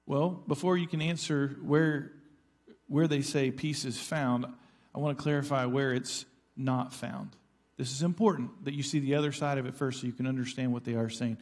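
A man's voice: fairly high pitch, normal speed. A middle-aged man preaching a sermon as pastor, earnest and conversational, with asides to the congregation. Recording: church sanctuary with long reverb.

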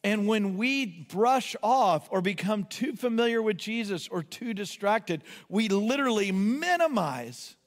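A man preaching a sermon with passion, rising to shouted cries and then dropping to quiet asides. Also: high-pitched, long reverb tail. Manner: impassioned, builds to shouted cries, self-correcting asides. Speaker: pastor.

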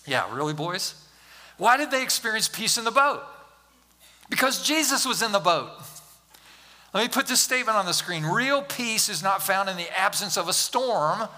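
A male pastor preaching a sermon, animated and humorous, acting out Bible scenes and talking directly to the congregation. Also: sits high, moderate pace. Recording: long hall reverb.

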